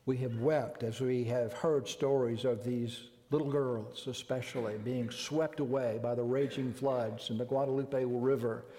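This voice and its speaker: Older american guy preaching, emphatic and slow on the big words, long reverb tail on the voice. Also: medium pitch, fairly even intonation, mellow. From United States. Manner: emphatic, deliberate, slows down to stress key words. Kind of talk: sermon.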